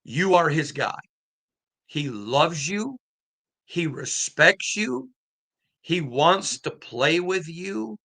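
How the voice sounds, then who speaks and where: Male sports podcast host, sharp bright voice, earnest storyteller. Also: fairly high pitch, lively intonation, extremely slow, vocal fry, pauses often. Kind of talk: casual interview chat.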